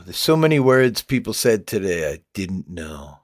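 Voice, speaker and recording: A man's voice: deep voice, sing-song, normal speed, dry recording, studio quality. A man with toothless, gummy speech, chatting casually on a livestream, laughing often and reading comments aloud. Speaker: livestream host reading chat.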